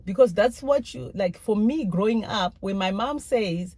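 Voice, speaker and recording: Frank, husky-voiced mother. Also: medium pitch, animated, normal speed, hardly any pauses, warm tone, no echo. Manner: frank and self-critical, many fillers. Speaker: mother giving parenting advice. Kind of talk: casual personal talk.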